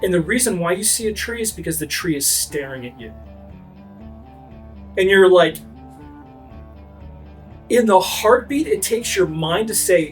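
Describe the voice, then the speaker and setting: A man's voice: high-pitched, animated, a little slow, long pauses, soft background music. A man narrating as game master, describing scenes vividly and immersively.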